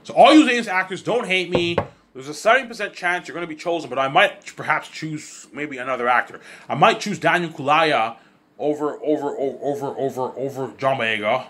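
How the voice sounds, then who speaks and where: Fast-talking excitable man rambling on. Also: a little high. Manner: excitable, repetitive, swears freely; stumbles and restarts often. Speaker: vlogger. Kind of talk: casual rambling monologue.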